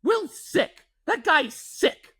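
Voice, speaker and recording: A man's voice: very high voice, big pitch swings, very slow, sharp tone, no room sound, studio quality, pitched above the performer's own voice, exaggerated voice. A man imitating his older father-in-law, grumbling in disgust at a friend's prank.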